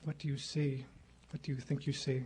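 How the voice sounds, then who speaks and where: A middle-aged man giving a formal public lecture at a podium microphone in a lecture hall, speaking in a measured, rhetorical way and repeating phrases for effect. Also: medium pitch, flat delivery, darkish tone, breathy edge. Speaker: guest lecturer.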